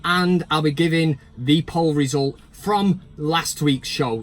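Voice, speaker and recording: Sweary, animated fan-channel host. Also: male voice, a little high, slow pace, few pauses. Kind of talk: ranting casual vlog.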